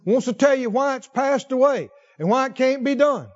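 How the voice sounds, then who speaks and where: A man preaching a sermon, reading scripture and questioning his congregation as he goes. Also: muffled recording. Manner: slow, questions the congregation, rises in pitch when stressing points.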